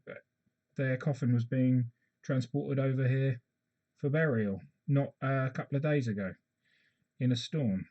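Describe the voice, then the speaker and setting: A man's voice: mid-range voice, warm tone, highs cut off, lightly acted. A man doing a blunt, swearing innkeeper. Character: curt, greedy male innkeeper, middle-aged.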